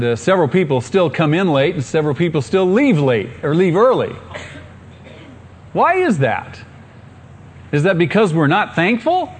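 This middle-aged male pastor has a high, husky voice, and his sermon climbs to excited calls as he asks the congregation questions.

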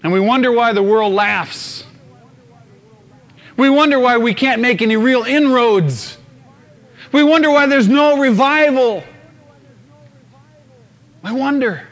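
A man's voice: very high voice, takes it slowly, pauses often. A man preaching a sermon with fervor, acting out scenes in sudden bursts. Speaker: pastor.

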